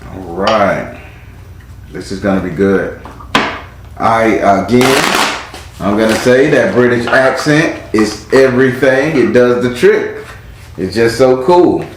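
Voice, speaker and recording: A man with a mid-range voice hosts a laid-back live tarot reading, chatting informally and calling on spirit as he turns the cards. He speaks slowly with frequent pauses. The room is very echoey, with faint background noise.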